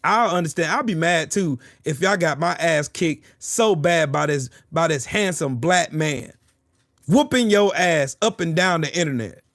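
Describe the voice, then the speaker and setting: Mocking, trash-talking man, slightly high voice. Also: animated, a little slow, fairly bright tone, no room sound, studio quality. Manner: taunting, mocking, repeats his jabs; profane, boastful. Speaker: streamer arguing with chat. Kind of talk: livestream trash talk.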